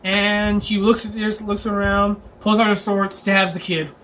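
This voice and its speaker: A man's voice: sits high, level tone, measured pace, fairly bright tone, slight background noise. A man chatting casually as a dungeon master, rambling and laughing with many fillers. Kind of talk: casual chat.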